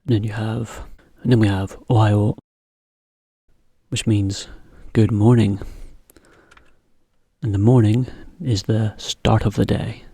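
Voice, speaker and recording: A man teaching a slow, careful English lesson for learners, repeating each example phrase. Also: on the low side, level tone, gravelly, mellow, husky, dry recording.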